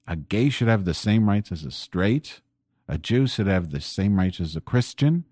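Male host, very low voice, rambling profane political rant at his home desk. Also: expressive, moderate pace, darkish tone, no room sound, studio quality. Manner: rambling, profane and increasingly angry. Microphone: desk microphone pointed at keyboard.

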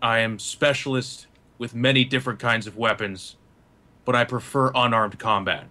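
A man's voice: fairly even intonation, sharp tone, close to an everyday voice. Man doing a glitchy giant soldier android. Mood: stiff, polite. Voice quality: deep slow voice that jumps in pitch.

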